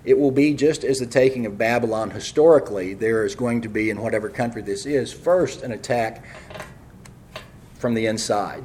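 Male preacher, fast and fervent, mid-range voice, sermon delivery. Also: mid-range voice, slight background noise. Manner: fervent, rises loud on scripture readings; fast, apologizes for speaking quickly. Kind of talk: prophecy sermon.

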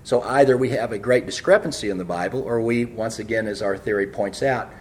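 A man preaching a fervent prophecy sermon, speaking quickly and rising loud when reading scripture. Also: on the low side. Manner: fast, apologizes for speaking quickly.

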